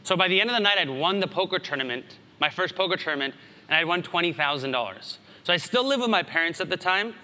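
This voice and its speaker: A man in his thirties tells anecdotes from the stage of a big conference hall, and the voice rings back with a long reverb. His tone is very bright and forceful, a bit high for a man, and he keeps the talk lively with asides to the crowd. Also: fast talker. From United States. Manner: animated anecdotal storytelling with asides. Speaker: conference speaker. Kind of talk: storytelling keynote talk.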